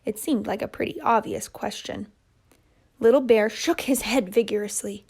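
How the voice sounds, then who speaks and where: A woman telling a children's puppet story in a gentle, measured way. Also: on the high side, husky.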